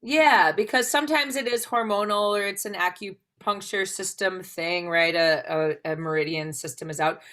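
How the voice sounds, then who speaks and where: A woman's voice: medium pitch, moderate pace, few pauses, fairly bright tone. A woman teaching a live tapping class, explaining things conversationally and often checking in with "right?".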